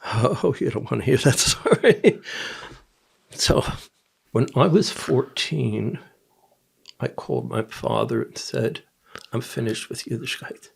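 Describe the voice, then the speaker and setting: Older guy telling his stories, really gravelly, husky, keeps restarting. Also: medium pitch, animated. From Nashville, Tennessee. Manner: rambling, halting restarts, quiet asides. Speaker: guest. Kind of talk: personal storytelling in an interview.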